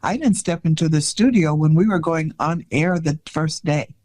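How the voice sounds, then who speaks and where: An older woman speaks as an interview guest. She tells her stories in an animated way and slips into the voices of the people she quotes. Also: low voice, moderate pace. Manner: animated storyteller who acts out quoted dialogue. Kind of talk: storytelling in a conversational interview.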